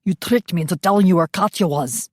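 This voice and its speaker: A woman voicing a desperate male vampire duelist who shouts and is out of breath. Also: on the low side, fast talker, husky, no echo, studio quality. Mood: furious.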